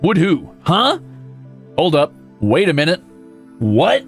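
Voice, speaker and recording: A man streaming a building game, playful and swearing casually, who jumps into high squeals when greeting creatures and chats with viewers. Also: huge pitch swings, takes it slowly, faint music behind. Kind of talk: live gameplay commentary.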